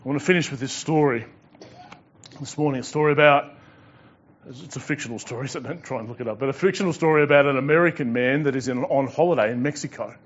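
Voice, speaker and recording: A man's voice: medium pitch, fast, muffled recording. A male pastor preaching a sermon, telling stories and acting out dialogue.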